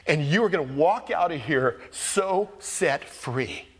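A man preaching a sermon as a pastor, swinging between loud exclamations and hushed asides. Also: on the high side, lively intonation, slow, husky, long reverb tail.

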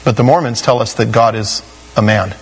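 A man's voice: fairly low pitch, steady tone, brisk, slightly rough, rough recording. A male pastor preaching an expository sermon in a conversational, emphatic way, often saying "you know". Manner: conversational and emphatic, with frequent 'you know'.

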